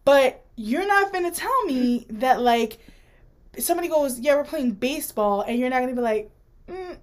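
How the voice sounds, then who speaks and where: Higher-voiced woman cohost, sarcastic and slangy, just chatting. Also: animated, moderate pace. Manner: wry, sarcastic commentary with slangy asides. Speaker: podcast co-host. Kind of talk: casual chat.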